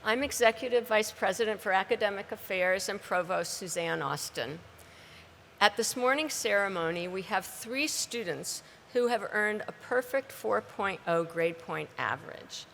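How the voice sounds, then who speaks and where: A woman's voice: medium pitch, expressive, moderate pace, creaky, a bit bright, in a large hall, a little hiss or hum. A woman serving as university provost, formally making announcements at an outdoor graduation ceremony through a podium microphone.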